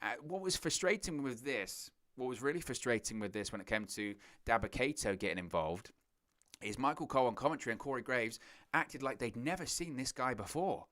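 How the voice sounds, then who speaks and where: A man's voice: medium pitch, a little fast. A man giving a casual spoken review of a wrestling event, repeating phrases and jumping his voice up when he mocks. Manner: animated, repeats phrases, voice jumps up when mocking. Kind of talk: casual opinion monologue.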